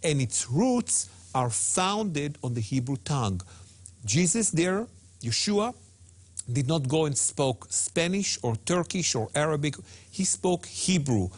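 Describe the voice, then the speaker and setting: A man, a guest teacher on a religious talk show, speaking emphatically and repeating himself, slowing down to spell out Hebrew words. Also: fairly high pitch, sing-song.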